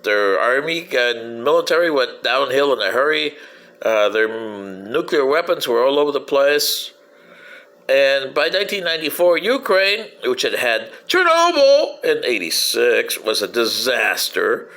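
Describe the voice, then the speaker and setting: A man's voice: medium pitch, big pitch swings, a little slow, sharp tone. A man giving a rambling comedic history monologue, answering himself and breaking into whoops. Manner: rambling, talks back to himself, whoops "yoo-hoo". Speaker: commentator.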